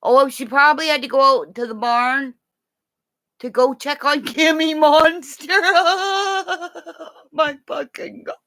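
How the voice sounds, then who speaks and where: A woman livestreams from her bed at home alongside her dog, laughing nonstop, cursing freely and affectionately teasing her viewers in a rambling chat. Her high voice is steady, slow, pushed and bright.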